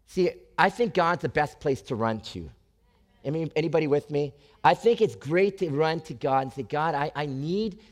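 Man, pastor, sermon, slightly high pitch, animated delivery, conversational. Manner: animated, conversational, talks to the congregation with repeated questions.

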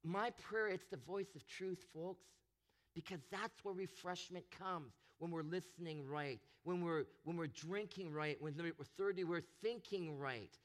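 A man preaching a sermon, animated and expressive, acting out the voices he quotes. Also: high voice, unhurried. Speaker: pastor.

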